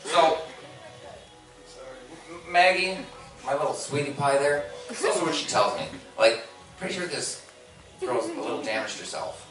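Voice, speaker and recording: A man's voice: a little high, measured pace, pauses often, over music. A man in his thirties doing a stand-up comedy set, telling rambling, self-mocking stories. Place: convention hall room. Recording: roomy hall, far from the mic, audience noise.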